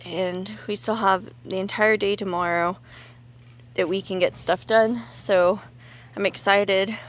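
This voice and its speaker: A woman in her thirties, a little out of breath, chatting and thinking aloud as she films her yard work outdoors on a handheld camera. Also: mid-range voice. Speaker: homesteading vlogger. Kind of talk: casual outdoor vlog narration. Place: outdoors in a yard clearing brush.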